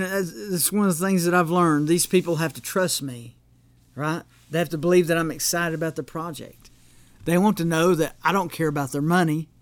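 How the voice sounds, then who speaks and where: A man's voice: on the high side, dry recording. A man preaching a sermon as pastor, in a conversational way with frequent restarts and "right?" asides.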